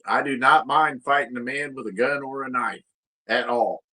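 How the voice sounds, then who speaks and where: A man's voice: medium pitch, normal speed, bright, forceful tone. A man, co-hosting a casual podcast chat, crude and boastful, often laughing at his own jokes. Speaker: podcast co-host.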